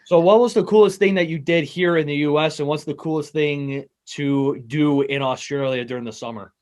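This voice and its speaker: A man's voice: on the high side, fairly quick, a little mellow. Friendly American man hosting sports talk. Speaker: host of a sports talk show. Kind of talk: casual interview.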